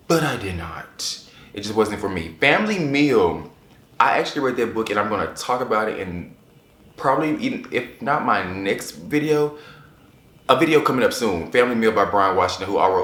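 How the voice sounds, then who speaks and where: A man's voice: lowish voice, moderate pace. Chatty man reviewing books, echoey room. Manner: chatty, animated, repeats phrases for emphasis. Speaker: book reviewer. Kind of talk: casual chat to camera.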